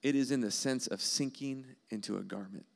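A man's voice: medium pitch, a little fast, creaky. A man preaching a sermon in an earnest, emphatic way, repeating key phrases. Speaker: pastor.

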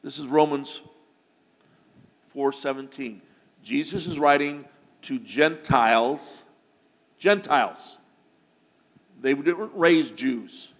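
A man preaching a sermon to his congregation, building to loud, emphatic declarations. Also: mid-range voice, takes it slowly, pauses often, in a large hall. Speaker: pastor. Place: church sanctuary.

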